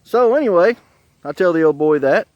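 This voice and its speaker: A Southern man spinning a bawdy comic yarn in a folksy drawl, chuckling at his own jokes. His voice sits a bit high for a man and swings up and down with animated energy. The recording is dry and close, with no room sound. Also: normal speed, dry recording, highs cut off. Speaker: comedian telling a story. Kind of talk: comic storytelling.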